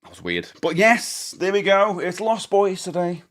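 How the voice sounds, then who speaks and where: A man's voice: high-pitched, normal speed, a bit bright. A man chatting casually on a live game stream, jokey and talkative as he greets his chat by name. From England.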